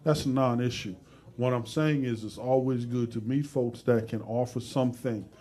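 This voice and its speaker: A man's voice: medium pitch, fairly even intonation, normal speed, dark tone. A man hosting a live talk show, chatting casually and joking, with loose conversational phrasing. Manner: joking and playful, breaks into laughter.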